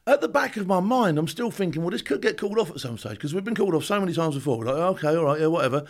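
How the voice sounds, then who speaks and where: A man, a former soldier, telling stories in a casual interview, animated and laughing as he acts out what others said. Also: high-pitched, rapid-fire. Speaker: podcast guest, former special forces soldier.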